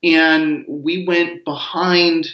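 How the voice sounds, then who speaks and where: Man, comics writer guest, rambling, jokey, high voice, roomy dull lo-fi sound. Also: drawn-out words, slight background noise. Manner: rambling storyteller, animated jokes. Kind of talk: casual interview chat.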